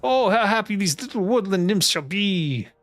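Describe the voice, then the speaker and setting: A man's voice: sits high, lively intonation, fast, pitched above the performer's own voice. A man voicing a scheming male game troll mixing a magic brew, in a clumsy put-on troll accent with a gloating, sing-song manner.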